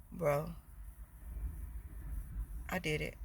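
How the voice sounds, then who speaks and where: A woman telling a casual storytime vlog in slangy, profane talk that climbs into loud, indignant rants. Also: medium pitch, animated, normal speed, a little hiss or hum.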